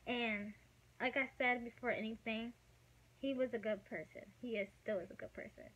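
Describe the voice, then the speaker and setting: A woman of about twenty telling a personal story in a casual, emotional way, dropping to a hush and then getting loud, with lots of fillers. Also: a little high, steady tone, moderate pace, muffled recording. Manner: emotional, swings from hushed to loud, many fillers. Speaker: vlogger.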